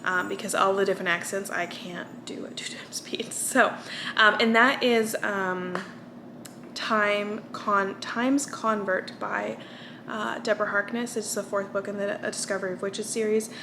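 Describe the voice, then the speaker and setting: A woman's voice: medium pitch, fairly even intonation, unhurried, noisy background. A young American woman vlogging, chatting casually and tired from little sleep, rambling with fillers and restarts. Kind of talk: casual chat.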